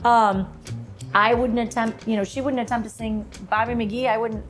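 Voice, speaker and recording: Woman from toledo telling stories on a podcast, acts out the quotes, soft music under. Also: fairly high pitch, moderate pace. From Toledo, Ohio. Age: adult, sings since her mid-twenties. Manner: animated storyteller, acts out quoted voices. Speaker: podcast guest, singer and lawyer. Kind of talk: casual interview chat.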